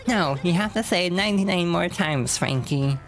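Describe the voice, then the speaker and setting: A woman's voice: rumbling low, normal speed, faint music behind, voice pushed up. A woman voicing a clingy, melodramatic young wife in a game, in a whiny, raised voice. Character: clingy dramatic young wife, pampered mobster's daughter.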